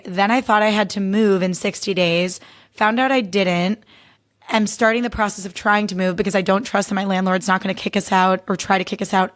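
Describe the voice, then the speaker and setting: A young adult woman hosting her own podcast, talking candidly in a chatty, casual way and leaning heavily on "like". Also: medium pitch. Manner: chatty and candid, heavy use of "like". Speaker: podcast host. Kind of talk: casual solo podcast recap.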